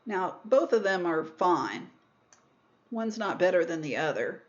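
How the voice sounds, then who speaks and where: Speaking a little slowly in a fairly low, sing-song voice, a woman lectures on microbiology through a muffled recording. She lays things out one step at a time, rewording and repeating terms and fixing her own slips along the way.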